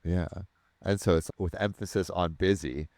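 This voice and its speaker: A man's voice: sits low, steady tone, moderate pace, a little mellow, no echo, clean studio sound. A man hosting a podcast, asking one follow-up question after another. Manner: curious, stacks up follow-up questions. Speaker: podcast host. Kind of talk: casual interview.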